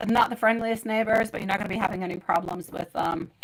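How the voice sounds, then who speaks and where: A woman's voice: medium pitch, steady tone, fast, rough recording. A woman giving live tarot readings to viewers, chatty and affectionate, calling them sweetie and my love. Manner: chatty, reads out viewer names and questions. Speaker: tarot reader.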